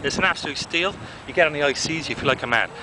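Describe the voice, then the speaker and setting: A man's voice: on the high side, fast talker, background noise, voice pushed up, natural voice. A man playing a brash, pushy salesman doing a rambling hard sell.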